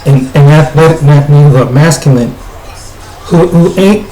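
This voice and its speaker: With faint music behind him, an American man gives plainspoken video commentary in a mellow, slightly high voice at normal speed. He often fumbles his words and restarts, repeating himself. The room echoes and carries faint noise.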